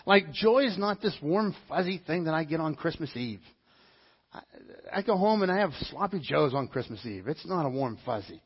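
Man, pastor, sermon, conversational, emphatic, repeats himself, slightly high voice, muffled lo-fi audio. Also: breathy edge. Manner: conversational and emphatic, with frequent restarts.

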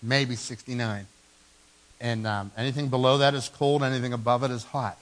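A man in his forties preaching a sermon in a church, telling stories with animated, self-mocking humor. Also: medium pitch, moderate pace, low-quality recording. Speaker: pastor. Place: church sanctuary.

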